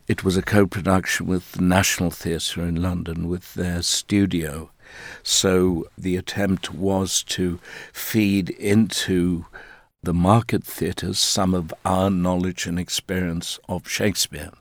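A deep-voiced middle-aged man from South Africa gives considered answers in an interview, choosing his words with care. He speaks slowly and deliberately, close to a dry, dead-sounding mic. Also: flat delivery, no room sound. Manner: measured, thoughtful, deliberate phrasing. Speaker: interviewee, stage actor.

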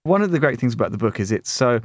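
A man's voice: mid-range voice, very animated, fast, dry recording, clean studio sound. A man interviewing an author on radio, eagerly asking several questions at a time.

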